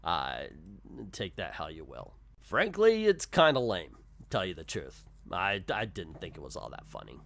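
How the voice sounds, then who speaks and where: A man's voice: deep voice, wildly swooping pitch, measured pace, gravelly, fairly bright tone. A man giving casual comic commentary, blunt and rambling with frequent stammers. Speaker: comic reviewer.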